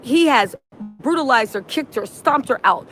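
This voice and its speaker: A woman hosting a reaction livestream, recapping events in animated storytelling, acting out quotes and often asking "right?". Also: sits high, normal speed, soft background music. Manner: punctuates with "right?". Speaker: streamer host.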